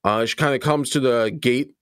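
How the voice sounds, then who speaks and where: A man's voice: medium pitch, moderate pace, a bit bright, smooth, no room sound, clean studio sound. Laid-back man narrating a tabletop game. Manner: loose, hesitant with fillers. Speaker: game master.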